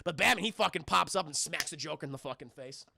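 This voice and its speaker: A man's voice: a little high, fast talker, vocal fry, a little hiss or hum. A man recapping a cartoon episode on a livestream, swearing freely and talking to his chat as he goes. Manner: profane, animated retelling, addresses chat.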